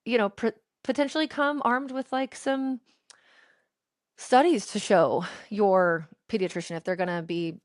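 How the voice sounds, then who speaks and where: A woman in her thirties co-hosting a podcast, talking in an emphatic, opinionated, animated way. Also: medium pitch, measured pace, no room sound, studio quality. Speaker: podcast co-host. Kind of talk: casual chat.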